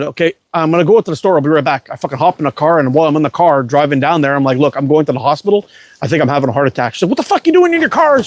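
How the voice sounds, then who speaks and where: A man's voice: fairly high pitch, no room sound. Profane rambling man, dry close sound. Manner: profane, rambling, repeats words. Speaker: livestream host. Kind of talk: casual storytelling monologue.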